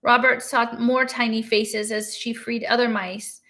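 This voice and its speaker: A woman reading a novel aloud in a steady, measured narration. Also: a little high. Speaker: reader.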